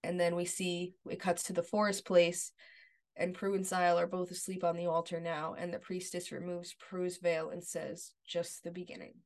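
A woman's voice: on the low side, moderate pace. Casual woman recapping TV episodes. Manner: retells scenes at length, relaxed. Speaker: podcast co-host.

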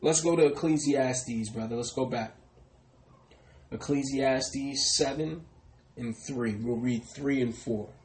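A man's voice: mid-range voice, slow pace. A man preaching a sermon. He asks questions and answers them himself, and he keeps tagging lines with "brothers and sisters" in a dropping voice. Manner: repeats "brothers and sisters" with falling, quieter tags. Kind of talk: sermon teaching.

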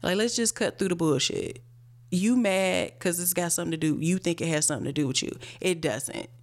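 A woman's voice: lowish voice, brisk. A young woman in casual conversation, venting bluntly with plenty of profanity. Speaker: guest, video creator. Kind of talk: casual chat.

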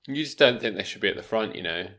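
A man's voice: lowish voice, expressive, fast, a bit bright. A man co-hosting a podcast, dry and understated, sometimes hesitant. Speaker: podcast co-host. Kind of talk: casual podcast banter.

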